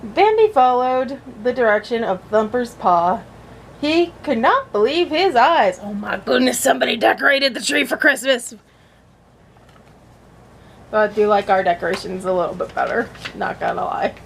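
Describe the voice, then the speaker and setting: A woman's voice: fairly high pitch, expressive, moderate pace, gravelly, a little hiss or hum. A woman vlogger reading a children's storybook aloud and breaking off into chatty, joking asides.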